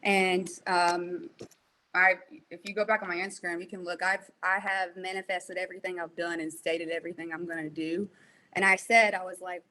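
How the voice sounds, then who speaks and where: Lively, bright-voiced woman in her thirties. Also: lowish voice, normal speed, low-quality recording. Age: 30s. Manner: candid and animated, laughs often, many fillers. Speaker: guest, fitness competitor. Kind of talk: casual podcast interview.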